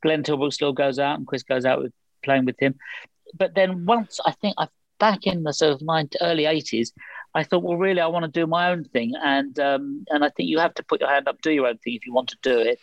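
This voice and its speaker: A man's voice: on the high side, fairly quick, no echo, dull audio. An older man, a musician telling stories in an interview, rambling and correcting himself. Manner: rambling, self-correcting storyteller. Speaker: musician guest. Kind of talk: anecdotal interview talk.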